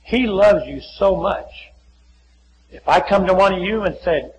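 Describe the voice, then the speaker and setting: A man preaching a folksy sermon in a church, often acting out little conversations and dropping to a hushed voice. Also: sits high, a little slow, lo-fi sound, a little hiss or hum. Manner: folksy, acts out little dialogues, many drops to a hushed voice. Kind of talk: sermon with altar call.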